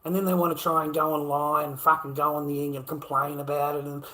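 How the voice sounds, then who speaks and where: An Australian man ranting on a livestream, swearing constantly and swinging between low muttering and loud outbursts. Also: little pitch movement, fast talker, low-quality recording. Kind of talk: profane livestream rant.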